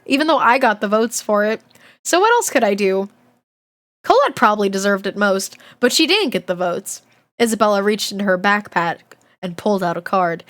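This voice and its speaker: A woman's voice: mid-range voice, very animated, normal speed, fairly bright tone. A woman streaming a read-aloud of a children's book, breaking off for chatty, laughing asides. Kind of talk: livestream read-along with chat asides.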